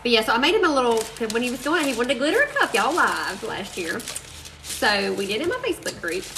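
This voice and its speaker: A woman's voice: on the high side, big pitch swings, quick pace, noisy background. A woman chatting and telling rambling stories to her live-stream viewers while she crafts. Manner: chatty, rambling storyteller, addresses viewers as y'all. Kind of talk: casual chat while crafting. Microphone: phone live stream.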